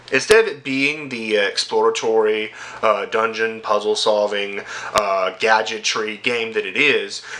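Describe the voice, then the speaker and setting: A young man ranting about video games, angry and sarcastic, swearing constantly and yelling at times. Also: medium pitch. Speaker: gaming vlogger. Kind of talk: profane gaming rant to camera.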